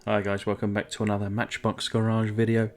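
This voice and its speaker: A man's voice: on the low side, monotone, a little fast, faint music behind. A man from England hosting a casual hobby vlog, chatty and rambling, with lots of ums and uhs. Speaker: diecast restoration channel host.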